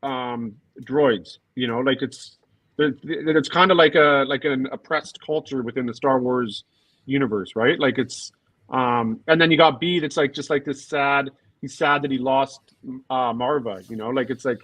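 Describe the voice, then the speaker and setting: A man co-hosting a fan podcast in casual chat, thinking aloud with many pauses and trailing sentences. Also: mid-range voice, fairly bright tone, no echo. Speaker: podcast co-host.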